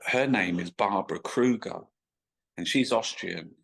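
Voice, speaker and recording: Sweary man, low voice. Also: unhurried, vocal fry, poor audio. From England. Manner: rambling, sweary, stop-start anecdotes. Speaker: guest artist. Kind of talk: casual storytelling interview.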